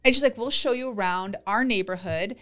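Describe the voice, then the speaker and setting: A woman's voice: mid-range voice, a little fast, a bit bright. A woman co-hosting a podcast, chatting casually and retelling conversations with lots of "like" and quoted dialogue. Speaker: podcast co-host. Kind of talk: casual chat, storytelling.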